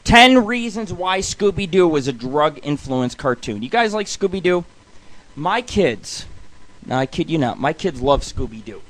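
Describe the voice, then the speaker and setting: A man's voice: a little high, big pitch swings, a little slow, a bit bright. A middle-aged man hosting a radio show, telling jokes and reading comic lists in a loose, swearing manner. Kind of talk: casual comedic radio monologue.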